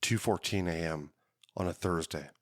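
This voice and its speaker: A man hosting a podcast, telling his own story in a dramatic, drawn-out hardboiled detective style. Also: deep voice, no echo, clean studio sound. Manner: dramatic, drawn-out noir delivery. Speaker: podcast host.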